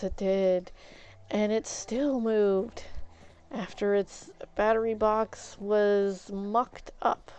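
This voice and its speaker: Woman streamer, slow rambling story, smooth clear voice, slightly dull lo-fi mic. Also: on the high side, warm tone. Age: adult, has an ex-husband. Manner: rambling, avoids swearing with "flip". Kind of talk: casual storytelling while gaming.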